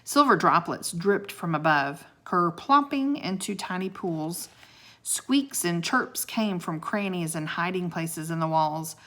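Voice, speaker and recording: A woman's voice: fairly low pitch, animated, unhurried, fairly bright tone. A woman reading a children's book aloud, with chatty asides to her listeners. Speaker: storybook reader.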